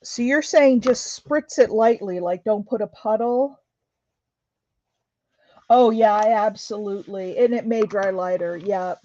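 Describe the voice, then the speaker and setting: A woman with a mid-range, mellow voice talks a little slowly while hosting a craft video, chatting casually and asking questions as she works. The recording is dry, dull and lo-fi with no echo.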